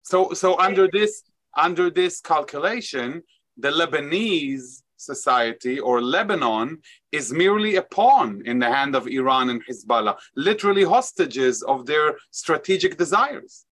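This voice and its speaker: Bright-voiced male interviewer. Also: on the high side, lively intonation, measured pace. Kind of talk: interview questions.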